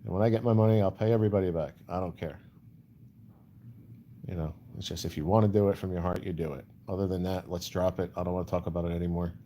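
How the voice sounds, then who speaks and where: Low, flat-voiced man chatting on a livestream. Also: fast, a little hiss or hum. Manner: rambling, repeats "you know", answers chat comments. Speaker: livestream host. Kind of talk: casual livestream chat.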